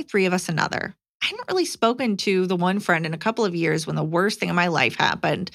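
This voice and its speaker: A woman co-hosting a casual podcast, reading a listener letter aloud with lively emphasis. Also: mid-range voice, creaky, no room sound, studio quality.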